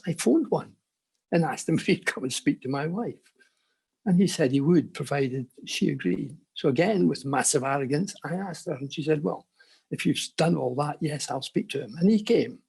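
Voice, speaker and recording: An older man shares his personal testimony at a conference. His voice is rough and gravelly, strongly husky, and sits a little higher than most men's. He tells it earnestly, dropping into hushed asides. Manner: earnest storytelling with quiet asides. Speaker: conference speaker.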